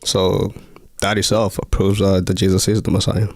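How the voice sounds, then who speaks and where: A man with a non-native English accent in a live online religious debate, speaking haltingly with fillers. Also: deep voice, level tone, no echo. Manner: halting, with fillers and repeated words. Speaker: debate participant.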